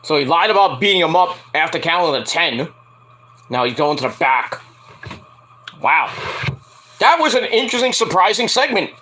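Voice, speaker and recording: A man with a high, bright voice talks through a wrestling show in loose, casual commentary. His pitch swings widely as he jokes, laughs and swears his way through the recap. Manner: animated, laughing often, profane, playfully mocking.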